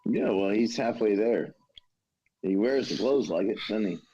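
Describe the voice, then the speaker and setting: A man's voice: lowish voice, measured pace, mellow, breathy edge, soft background music. A man chatting casually on an online show, rambling and swearing freely and often checking that the others agree. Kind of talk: casual chat. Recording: dull lo-fi mic with faint noise.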